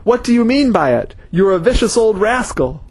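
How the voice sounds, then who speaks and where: A man voicing an injured man who yells in outrage over his crushed foot. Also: sits high, sing-song, moderate pace, slightly rough, no echo, pitched above the performer's own voice, heavily acted. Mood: outraged. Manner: yelling, outraged.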